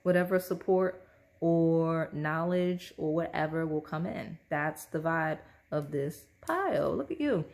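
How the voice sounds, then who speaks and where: Low-voiced woman doing a chatty tarot reading. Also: a little mellow. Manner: chatty, checks in with "right?" and "okay?"; talks straight to the viewer. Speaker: tarot reader. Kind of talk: casual pick-a-card tarot reading.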